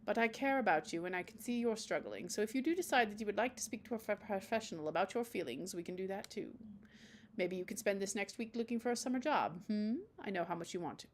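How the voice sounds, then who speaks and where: A woman voicing a formal, gentle gothic single father who speaks in polite, old-fashioned phrases. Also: mid-range voice, fast talker, slight background noise, close to an everyday voice.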